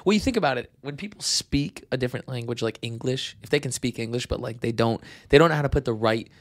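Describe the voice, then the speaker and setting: A man's voice: medium pitch, fast, no room sound, clean studio sound. A young man co-hosting a podcast in casual chat, joking and laughing often. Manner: joking, laughs often, does silly accents. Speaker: podcast co-host.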